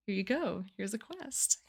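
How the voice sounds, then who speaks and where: A woman's voice: fairly high pitch, gravelly, darkish tone, husky. A young woman streaming live, chatting casually and giggling often as she walks through her writing challenge. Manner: chatty, giggly, restarts phrases.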